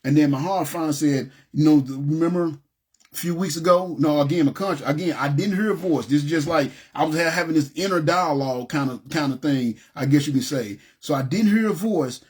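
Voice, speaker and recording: A man with a somewhat high, husky voice tells his personal testimony. He speaks in an emotional, halting way, restarting sentences and choking up with tears at times. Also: darkish tone.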